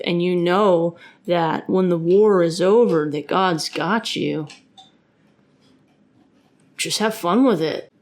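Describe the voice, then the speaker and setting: A woman hosting her own podcast, talking casually and earnestly about faith, rambling with frequent restarts and fillers. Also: fairly low pitch. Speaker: podcast host; parent of a young son.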